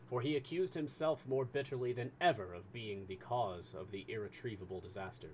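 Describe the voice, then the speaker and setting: A male storyteller with a fairly low voice reads a classic novel aloud live, in a measured and expressive way. Faint hiss sits under his voice.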